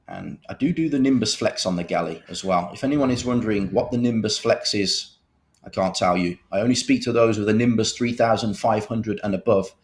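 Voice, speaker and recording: A man in his thirties with a Birmingham accent, doing live poker commentary with jokey, self-mocking banter. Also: on the low side. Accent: Birmingham English. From England. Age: 30s.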